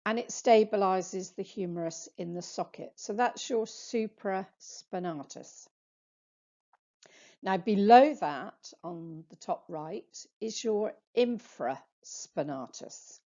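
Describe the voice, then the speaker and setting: A woman therapist giving a slow, patient anatomy lecture on slides, spelling out muscle names for practice. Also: lowish voice, warm tone. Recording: dull lo-fi sound.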